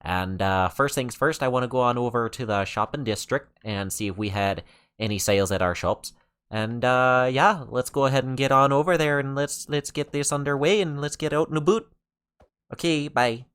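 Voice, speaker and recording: A man's voice: medium pitch, normal speed, a bit bright, clean tone, pitched above the performer's own voice, close to an everyday voice. A man voicing an exaggerated Canadian-accented gamer in let's-play commentary, rambling with many fillers. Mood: chatty. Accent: put-on Canadian.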